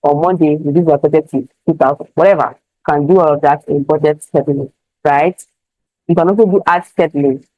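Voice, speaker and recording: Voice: mid-range voice, fairly even intonation, brisk, no room sound, dull audio. A speaker walking through an online ad setup step by step, often checking that the listener follows. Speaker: online marketing tutor. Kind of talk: screen-share tutorial.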